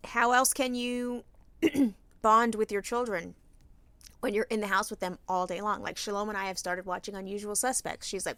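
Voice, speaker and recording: A woman in her thirties co-hosting a podcast, chatting candidly and swearing freely while telling animated stories about her children. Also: mid-range voice, normal speed, dry recording. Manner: candid, profane, animated storytelling. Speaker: podcast co-host. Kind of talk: casual chat.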